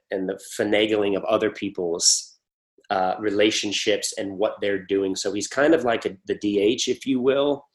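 A man with a somewhat low voice chats through an interview. He rambles, restarts and acts out little quoted exchanges while telling stories about work and friends. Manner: rambling, animated storytelling with acted-out quotes. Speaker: actor guest. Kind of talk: casual interview talk.

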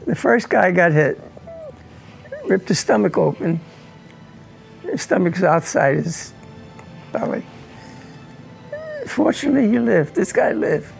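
A very old man with a high, deeply gravelly voice tells his memories haltingly, doubling back on words as emotion catches in his throat. Faint music plays underneath. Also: big pitch swings, low-quality recording. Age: 90s. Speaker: war veteran. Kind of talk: recounting personal war memory.

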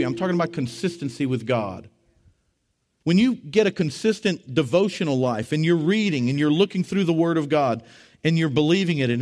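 Animated preacher man. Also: fairly high pitch. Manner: animated preaching with swings between loud and hushed; tells stories with humor and acts out quotes. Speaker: pastor. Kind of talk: sermon.

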